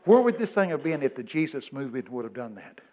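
A man from Texas with a Texan accent, telling a humorous story to a live audience. He swings from mumbled asides to loud exclamations. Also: medium pitch, big pitch swings, fast talker, lo-fi sound. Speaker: speaker addressing an audience.

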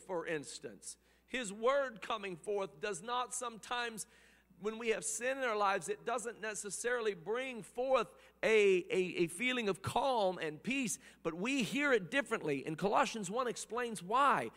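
A man preaching a sermon, swinging between hushed passages and loud, impassioned ones, often repeating words as he builds. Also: high-pitched, big-room sound.

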